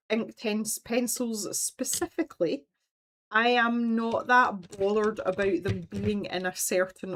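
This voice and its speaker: A woman's voice: mid-range voice, a bit bright. Scottish woman, art stream host, meandering casual chat with frequent laughs. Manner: chatty and meandering, laughs often.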